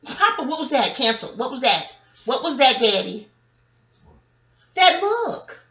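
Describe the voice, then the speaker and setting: Bright, profane woman ranting at home. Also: fairly high pitch, moderate pace, highs cut off. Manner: profane, animated ranting with frequent laughs. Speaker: vlogger reviewing reality TV. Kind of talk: rambling casual monologue.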